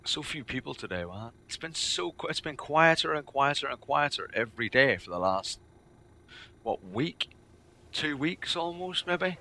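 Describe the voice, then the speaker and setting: Male streamer, gravelly and bright, rambling chat with viewers. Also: a little high, sing-song, moderate pace, slight background noise. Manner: rambling, chatty, repeats himself. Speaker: game streamer.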